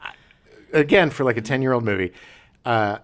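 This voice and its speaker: Middle-aged male podcast co-host; casual chatter, lively scene retelling. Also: medium pitch, moderate pace. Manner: animated storyteller, acts out movie scenes. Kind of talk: casual chat.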